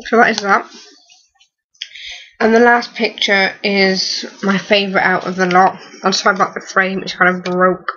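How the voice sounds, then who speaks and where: A young woman in her early twenties, close to tears, talking haltingly with many fillers and restarts in a personal vlog. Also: mid-range voice, level tone, sharp tone, muffled recording. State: on the verge of tears. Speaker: vlogger.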